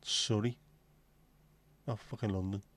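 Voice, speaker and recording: A man's voice: fairly low pitch, steady tone, a little slow, a bit bright. Sweary, rambling man. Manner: rambling, jokey and sweary, slips into silly voices. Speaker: livestream host. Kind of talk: casual livestream chat.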